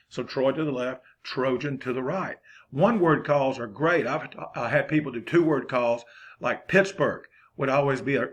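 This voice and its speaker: A man's voice: mid-range voice, husky. A man, giving a folksy, rambling football coaching lesson.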